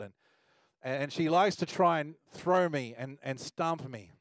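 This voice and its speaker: A man preaching a sermon, telling a personal story in a relaxed, conversational way. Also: on the high side, a little slow, no room sound. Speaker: pastor.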